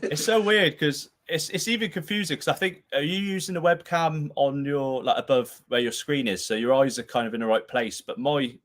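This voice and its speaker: A man's voice: a little high, moderate pace, hardly any pauses, fairly bright tone. A man hosting a casual live-stream chat on a video call. He talks in a rambling way and laughs often. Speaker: show host. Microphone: camera used as webcam.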